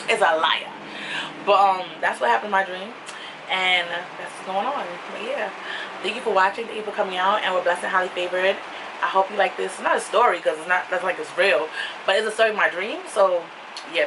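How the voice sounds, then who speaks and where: A young woman with a New York accent telling a story to camera in a casual, animated way, laughing and jumping into high excited voices. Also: recorded from a distance, background noise. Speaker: vlogger.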